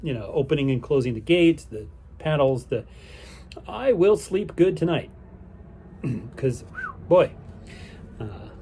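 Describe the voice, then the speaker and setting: A man's voice: on the high side, lively intonation, slow, long pauses, mellow, husky. A man giving a casual, rambling spoken recap of his day, easygoing and upbeat, with lots of fillers and restarts. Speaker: vlogger on a canal boating holiday.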